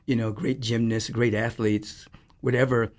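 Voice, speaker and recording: A man hosts a podcast interview in a medium-pitched voice. He offers measured, reflective comments and short agreements. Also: level tone. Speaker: podcast host.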